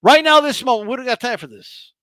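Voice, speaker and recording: A man with a very high, bright, sharp-edged voice, ranting with heavy profanity. He stammers and restarts his sentences as he fires up, and the recording is close and dry. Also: brisk, clean tone, no echo. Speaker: boxing channel host. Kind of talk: profane casual rant.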